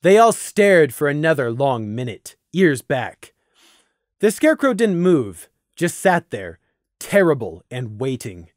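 Expressive male narrator, dry and close. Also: on the high side, unhurried, dry recording. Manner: expressive, dramatic reading. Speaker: audiobook narrator. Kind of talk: scripted fan fiction narration.

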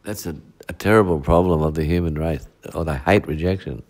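A man's voice: low voice, quick pace, hardly any pauses, darkish tone. A male pastor, preaching a midweek sermon with heavy repetition and rhetorical asides.

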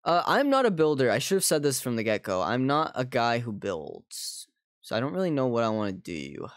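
A man's voice: medium pitch, sing-song, brisk, no echo, studio quality. A man streaming a game and chatting casually with his viewers. He rambles a lot and fills his talk with "like". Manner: rambling, many "like" fillers, talks to chat. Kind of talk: casual live gaming chat.

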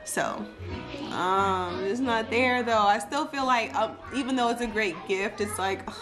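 A woman's voice: medium pitch, expressive, measured pace, over music. A woman talking casually to her viewers in a home vlog, rambling and chatty, calling them "y'all". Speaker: vlogger. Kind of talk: casual day-in-the-life vlog chat.

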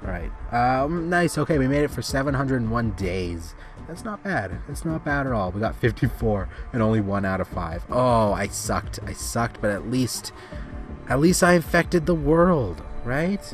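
A man hosting a gaming channel, giving rambling casual commentary with sudden excited outbursts at the game. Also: mid-range voice, a little slow, soft background music.

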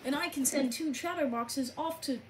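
A woman's voice: sits high, normal speed, far from the mic, natural voice. A woman voicing a cheeky, smug male tank engine who talks sarcastically and bluntly, in a noisy recording.

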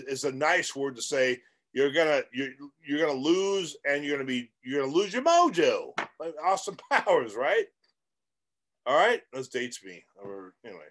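A man's voice: high voice, a bit bright. A middle-aged man coaching real estate investors straight to camera, emphatic and rambling, with self-aware jokes. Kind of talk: direct-to-camera coaching monologue.

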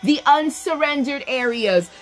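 A woman's voice: high voice, lively intonation, unhurried, faint music behind. Emphatic woman preaching, raised voice. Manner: emphatic, repetitive, calls on listeners by name. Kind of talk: online sermon teaching.

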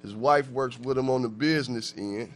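A man's voice: medium pitch, normal speed, faint music behind. A man hosting a local TV talk show, chatting in an upbeat, folksy way and plugging community work.

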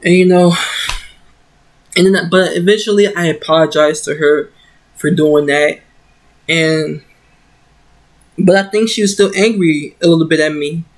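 A woman's voice: low voice, measured pace, long pauses. A young woman telling a personal story in a casual story-time vlog, rambling with many fillers and growing heated, into a computer microphone. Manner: rambling, full of "you know" fillers, grows heated and emotional. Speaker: vlogger.

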